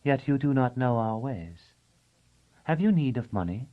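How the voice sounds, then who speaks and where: A man's voice: medium pitch, lively intonation, unhurried, phone-quality sound, pitched above the performer's own voice, natural voice. Thea, a man voicing a cooing gracious noblewoman.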